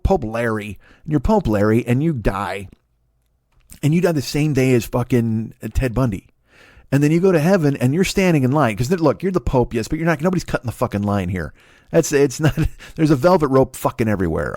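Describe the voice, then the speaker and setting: A man's voice: mid-range voice, dry recording. Guy doing standup, swears a lot, rambles, dead dry sound. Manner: profane, rambling, animated. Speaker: stand-up comedian. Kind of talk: comedy monologue.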